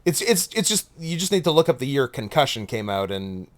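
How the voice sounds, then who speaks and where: A man co-hosts a casual podcast. He talks at an ordinary middle pitch. His manner is sarcastic and joking. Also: sing-song, a little fast. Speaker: podcast co-host. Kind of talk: casual chat.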